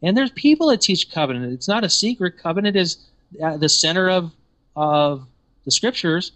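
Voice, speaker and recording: Man preaching, emphatic, rhetorical questions, slightly high voice. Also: expressive, normal speed, a bit bright. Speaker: teacher. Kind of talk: sermon-style teaching.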